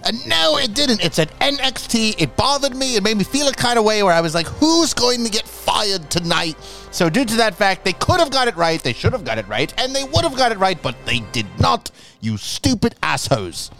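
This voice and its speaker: A man co-hosting a casual chat, animated and theatrical, swearing often. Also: sits high, fairly quick, soft background music, poor audio. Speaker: podcast co-host.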